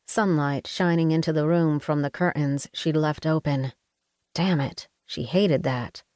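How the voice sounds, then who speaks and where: A woman reading an audiobook in measured, unhurried narration close to a studio microphone. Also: low voice, darkish tone, dry recording. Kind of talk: scripted narration.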